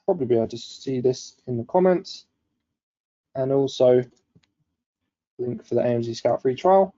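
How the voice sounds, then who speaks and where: A man's voice: mid-range voice, expressive, normal speed, warm tone, lo-fi sound. A man hosting a live online coaching session, upbeat and chatty, reading out viewers' comments as he goes. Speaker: webinar host.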